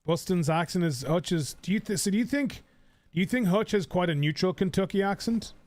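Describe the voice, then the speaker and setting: A young Irish man talks loosely to his stream chat as he plays, rambling and swearing offhandedly. His voice sits a little high for a man. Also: animated, a little fast, darkish tone, dry recording. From Ireland. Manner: rambling, chatty, swears casually, frequent fillers. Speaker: game streamer. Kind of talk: casual live-stream chat while gaming.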